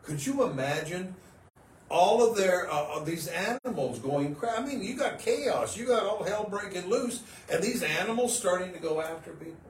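A man's voice: sits high, lively intonation, moderate pace. A man co-hosting a religious podcast, earnest and dramatic, firing off rhetorical questions. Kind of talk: casual religious podcast chat. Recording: roomy, distant mic, faint noise.

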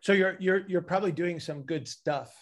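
A man with a somewhat high voice explains breathing in an easy, patient way. He acts out the sighs he describes as he goes. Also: moderate pace. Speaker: breathing expert. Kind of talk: casual advice conversation.

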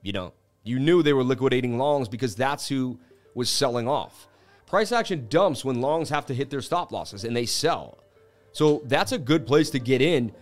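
A man hosting a live-streamed market analysis, talking in an animated, casual, hype-driven way. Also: medium pitch. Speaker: crypto market analyst host.

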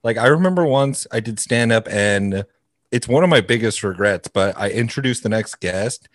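A man's voice: fairly low pitch, expressive, moderate pace, dry recording, clean studio sound. A young man and comedy writer, chatting casually on a podcast, blunt and emphatic and full of swearing. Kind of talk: casual chat.

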